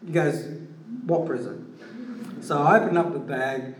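Aussie guy rambling through a faith story, kinda high voice, echoey room, mic far off. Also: fairly quick, slight background noise. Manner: earnest, rambling, chatty. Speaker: Christian giving a personal testimony. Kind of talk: casual spoken testimony storytelling.

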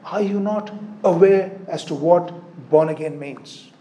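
High-voiced preacher man, mellow tone. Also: echoey room. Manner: asks "isn't it?" tag questions often; reads scripture aloud in a slow, measured way. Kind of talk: sermon with Bible reading.

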